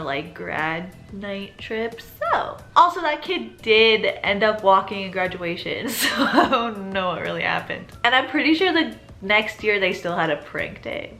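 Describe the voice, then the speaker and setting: A young woman in her twenties tells a school story in a loose, chatty vlog style, her voice bright and clear at an ordinary middle pitch. She giggles often and leans on filler words as she talks. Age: 20s. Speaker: vlogger. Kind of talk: casual storytime.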